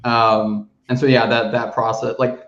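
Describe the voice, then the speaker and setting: A man chatting casually as a guest, joking and excitable. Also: mid-range voice, measured pace. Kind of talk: casual chat. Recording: roomy, dull lo-fi call audio.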